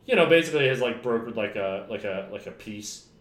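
A man's voice: fairly low pitch, expressive, fairly quick, a bit bright. A man casually chatting about films as a podcast co-host, rambling, swearing often and laughing a lot. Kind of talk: casual film chat. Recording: roomy echo.

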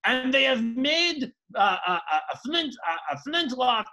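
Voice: high-pitched, big pitch swings, unhurried, pushed and bright, voice pushed up, heavily acted. A podcaster doing a voice of a pompous Afrikaner man who halts and drags out his complaint. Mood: indignant.

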